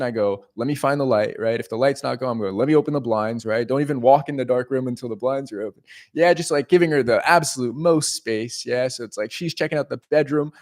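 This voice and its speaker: A man's voice: medium pitch, darkish tone. Young guy on a livestream, rambly and sweary, keeps going "right?". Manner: rambling, profane, self-interrupting with "right?". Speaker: leasing agent streaming to viewers. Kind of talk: casual livestream storytelling.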